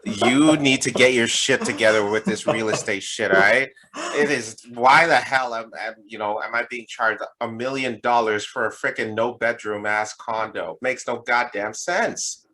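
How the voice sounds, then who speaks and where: A man's voice: mid-range voice, moderate pace, rough recording. A young man co-hosting a podcast, telling a long comic story in casual chat, rambling and swearing often. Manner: profane, rambling, animated storytelling. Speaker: podcast co-host.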